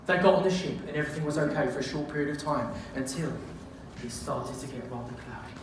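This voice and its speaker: A man's voice: a little high, fast. Playful man telling a story, echoey room. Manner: playful, laughs at own jokes. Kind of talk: comic storytelling. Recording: echoey room, distant mic, noisy.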